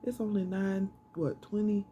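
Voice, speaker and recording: A woman's voice: mid-range voice, fairly even intonation, measured pace, dark tone, muffled recording, a little hiss or hum. A middle-aged woman, chatting casually to her camera, repeating herself and making self-deprecating asides. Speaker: vlogger.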